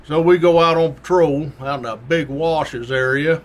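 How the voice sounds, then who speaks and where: A man's voice: a little high, normal speed, few pauses, slight background noise. Folksy man spinning a trooper yarn. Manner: folksy, colorful, down-home slang. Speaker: former state trooper telling a story. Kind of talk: casual anecdotal storytelling.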